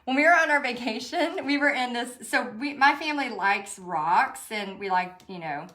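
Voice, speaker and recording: A middle-aged painting instructor with a voice on the high side sounds bright and forceful, with lively intonation at a normal pace. During her online paint party she chats casually while painting and tells a story, laughing often.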